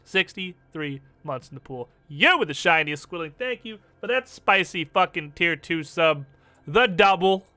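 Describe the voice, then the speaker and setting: A young man streams a game, talking through his choices with animated jokes and casual swearing. His voice is on the high side and unhurried, with no room sound and faint music behind.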